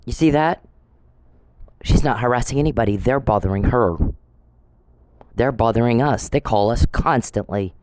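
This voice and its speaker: A man's voice: medium pitch, normal speed, pauses often, a little mellow, no echo, poor audio. A man delivering an angry, confrontational monologue at someone he says is harassing him, repeating himself and swearing.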